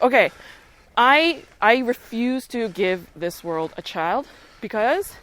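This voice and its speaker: A woman in her thirties, a podcast guest, talking in blunt, profane, animated casual chat. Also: a little high, slow pace, poor audio.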